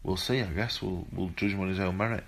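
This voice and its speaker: A man's voice: low voice, fairly even intonation, quick pace, creaky, very noisy. A man, a boxer, telling a rambling, sweary story in a laid-back, casual way. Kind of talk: casual storytelling to phone camera.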